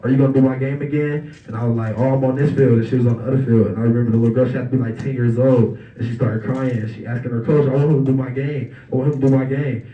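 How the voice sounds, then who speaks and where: A man's voice: medium pitch, rapid-fire, few pauses. Young man telling stories in a roomy hall. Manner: relaxed and conversational, acting out quoted voices. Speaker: guest speaker at an awards banquet. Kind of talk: casual storytelling speech. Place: banquet hall. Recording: roomy, distant, dull hall recording.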